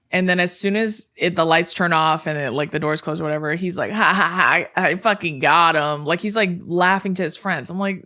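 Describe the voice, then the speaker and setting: A woman's voice: on the low side, a bit bright. A young woman co-hosting a podcast, telling a story with lots of energy and swearing freely, acting out the yelps and screams of the people in it. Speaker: podcast co-host. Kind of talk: casual storytelling chat.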